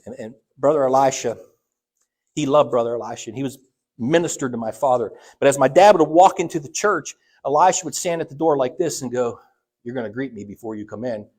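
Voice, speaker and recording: Fairly quick and a little mellow, the medium-pitched voice comes from a middle-aged church elder in Ohio preaching a sermon. He speaks conversationally through personal stories, restarting a lot and performing the voices of others.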